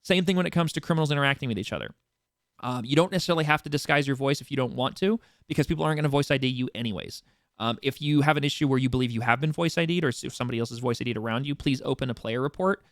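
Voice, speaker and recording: A man's voice: medium pitch, rapid-fire, dry recording, clean studio sound. A man hosting a casual community meeting for a roleplay server, rambling through reminders with frequent restarts and fillers. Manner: informal, occasionally swears for emphasis. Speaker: roleplay server staff host.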